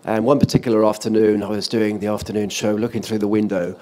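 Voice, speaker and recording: Older male former DJ, lively anecdote teller on a panel stage. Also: lowish voice, fast talker. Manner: animated anecdotal, with laughs and restarts. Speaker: former offshore radio DJ, guest. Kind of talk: storytelling in a panel talk. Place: event stage or hall.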